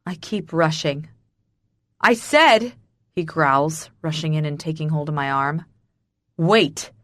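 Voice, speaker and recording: A woman's voice: low-pitched, flat delivery, moderate pace, no room sound. A woman narrating a first-person romance audiobook in an emotional, breathless, intimate manner.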